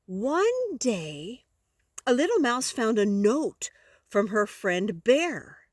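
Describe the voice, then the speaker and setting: Slow, lively older woman reading a storybook. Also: fairly high pitch, no room sound. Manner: slow, gentle and lively, with gasps and questions to the listener. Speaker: grandmother reading to a child. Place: outdoors by woods.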